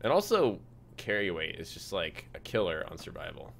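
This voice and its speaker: A young man's low, gravelly voice comes through at normal speed with a bit of background noise. He's streaming a game, relaxed and chatty, reading out what viewers type and using plenty of fillers.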